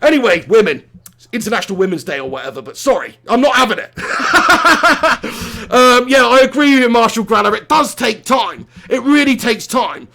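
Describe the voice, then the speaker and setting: A man's voice: very high voice, animated, moderate pace, vocal fry, bright, forceful tone. A man hosting a football live stream from a small home studio, talking passionately, swearing freely and reading out viewer messages. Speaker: live-stream host reacting to a football match. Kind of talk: live-stream chat and fan rant.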